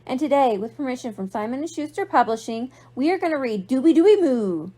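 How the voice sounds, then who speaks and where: A woman's voice: sits high, animated, fairly quick, warm tone. A young woman librarian reading a picture book aloud to children, playful and asking them questions. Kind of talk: storytime read-aloud for kids.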